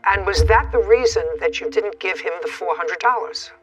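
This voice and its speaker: A sharp, impatient woman judge grilling a litigant in a TV courtroom. Her voice sounds a little husky and is picked up from a distance. Faint music plays underneath. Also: medium pitch, lively intonation. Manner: brisk, sharp, impatient, cuts people off. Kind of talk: courtroom questioning.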